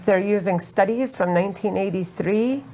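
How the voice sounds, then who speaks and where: A woman from Alaska speaking earnestly on a festival panel, halting with many fillers and close to tears. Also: medium pitch, mellow, a little hiss or hum. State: emotional, near tears. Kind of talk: panel talk, personal testimony. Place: festival roundtable.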